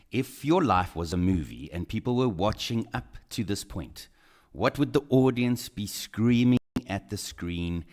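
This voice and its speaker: Deep-voiced man co-hosting morning radio, chatty and meandering. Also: a little mellow. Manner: conversational, hesitant with fillers. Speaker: radio co-host. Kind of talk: talk radio chat.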